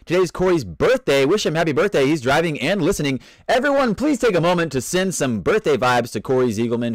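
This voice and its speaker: Male streamer, casual and self-mocking, very animated pitch, dry close-miked sound. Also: dry recording. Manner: playful, rambling, self-mocking, reads out chat comments. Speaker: live stream host. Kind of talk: casual live stream chat, greeting viewers.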